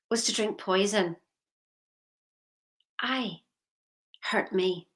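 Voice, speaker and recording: A woman's voice: fairly low pitch, measured pace, pauses often, a bit bright. Emphatic woman coaching. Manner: emphatic, asks the listener repeated questions. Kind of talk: motivational talk to camera.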